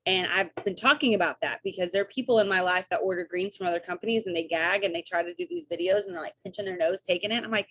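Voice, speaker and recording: A woman's voice: medium pitch, a bit bright. Chatty young woman coaching on a video call. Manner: chatty and upbeat, quick asides and quoted dialogue. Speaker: team coach.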